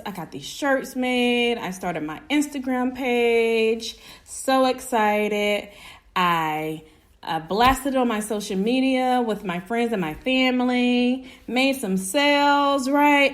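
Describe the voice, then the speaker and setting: A woman business owner telling a personal story to her viewers in an animated, emphatic way, often checking in with "right?". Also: on the high side.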